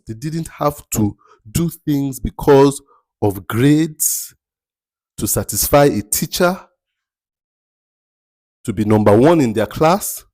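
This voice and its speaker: A man's voice: mid-range voice, darkish tone, no room sound. A man giving a motivational talk as a mentor, emphatic and rhetorical, repeating his key phrases. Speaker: mentor giving life advice.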